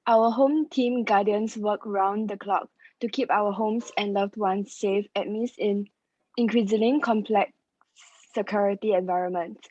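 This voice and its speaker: A woman's voice: medium pitch, fairly even intonation, a little slow, mellow, no room sound. A young woman, a student, reading a passage aloud carefully in an online class. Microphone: video call. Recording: dry lo-fi video call audio.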